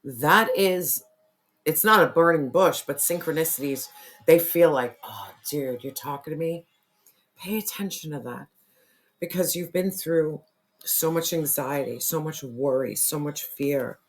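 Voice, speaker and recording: A tarot reader losing their voice, who keeps clearing their throat and talks earnestly and repetitively straight to the viewer. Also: mid-range voice, unhurried. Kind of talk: casual spiritual tarot reading to camera.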